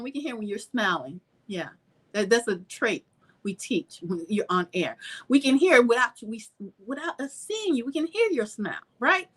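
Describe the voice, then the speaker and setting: A woman vlogger telling a story in a casual, animated, sassy way and acting out the people she quotes. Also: a little high.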